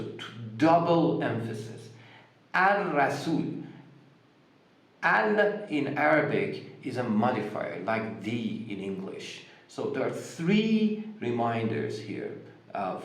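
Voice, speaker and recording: A man's voice: medium pitch, roomy sound, low-quality recording. A man with a Persian accent giving a religious lecture, speaking with many fillers and restarts and stressing key words. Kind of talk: religious lecture explaining scripture.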